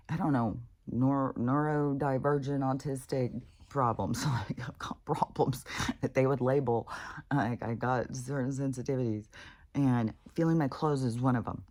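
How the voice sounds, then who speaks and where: A woman's voice: extremely low pitch, warm tone. A woman talking in a casual, rambling monologue, swearing freely and restarting her sentences. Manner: profane, rambling, with frequent restarts and laughs. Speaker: vlogger. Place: at home with her dogs.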